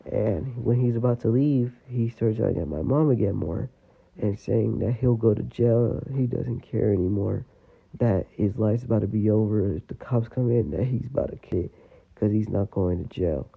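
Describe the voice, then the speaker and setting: Gravelly low man rambling a story. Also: moderate pace. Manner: rambling, full of "you know" and "like". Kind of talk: casual storytelling. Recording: tinny phone-like audio.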